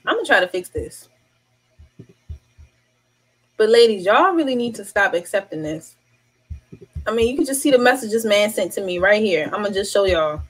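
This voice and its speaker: A woman's voice: medium pitch, normal speed, long pauses, breathy edge, low-quality recording. A young woman, talking to camera in a casual vlog and hammering her points home with repetition. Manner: animated, emphatic, repeats points to drive them home. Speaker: vlogger.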